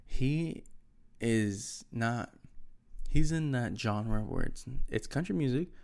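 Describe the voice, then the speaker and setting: Young man, casual solo chat, low gravelly voice, lively pitch, rambling with lots of fillers. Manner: rambling, loses names, many fillers.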